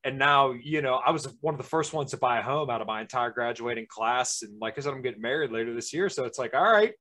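A man's voice: medium pitch, fast, sharp tone. A young man in his twenties chatting casually as a podcast co-host, laid-back and agreeable. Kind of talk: casual chat.

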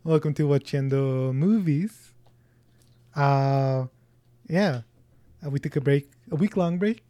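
A man co-hosting a movie podcast in casual chat, playful and quick to laugh. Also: a little high, mellow, no room sound. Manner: playful, laughs often, tries impressions. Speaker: podcast co-host.

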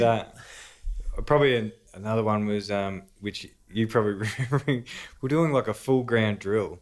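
A man with an Australian accent, a podcast guest telling lively anecdotes in casual conversation, laughing often. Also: mid-range voice. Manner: animated anecdotes punctuated by laughter. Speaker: podcast guest, former footballer.

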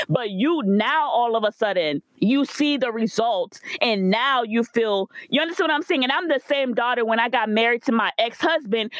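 Candid, emotional woman with a high voice. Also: expressive, moderate pace, no room sound. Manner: candid and emotional, with frequent cussing and "like". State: near tears. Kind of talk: casual podcast conversation.

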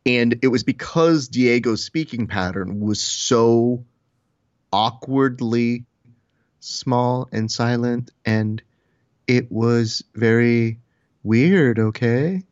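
A man's voice: medium pitch, slow pace, no room sound, lo-fi sound. Swearing storyteller man, dry sound. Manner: animated storytelling, quoting others in put-on voices, swears freely. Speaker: podcast co-host. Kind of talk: casual chat.

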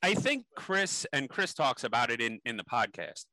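Bright, animated man telling stories. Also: mid-range voice, normal speed, dry recording, rough recording. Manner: animated storyteller, many ums and restarts. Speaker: interview guest. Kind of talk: casual interview storytelling.

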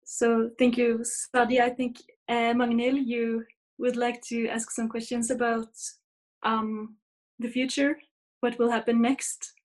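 A woman's voice: on the high side, little pitch movement, takes it slowly. A woman moderating a panel interview, speaking with fillers. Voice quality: hesitant, with fillers.

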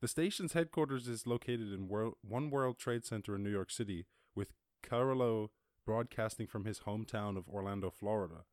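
A man with an Irish accent hosting a casual solo podcast, reacting to news in a jokey, excitable way and swearing freely. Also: fairly low pitch, moderate pace, no echo, studio quality. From Ireland. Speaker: podcast host.

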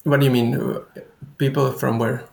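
A young man speaking as a guest researcher in a casual conversation, thoughtful and halting, often restarting his sentences. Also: mid-range voice, little pitch movement, vocal fry, echoey room.

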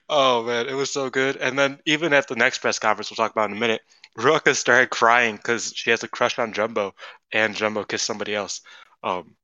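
A man co-hosting a casual podcast, rambling excitably and filling his talk with "like" and "dude". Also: mid-range voice, moderate pace, dry recording, muffled recording. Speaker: podcast co-host.

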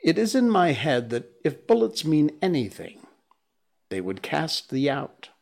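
Man reading a calm, composed old storybook wolf, slow and measured. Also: a little high, creaky, pitched above the performer's own voice, exaggerated voice.

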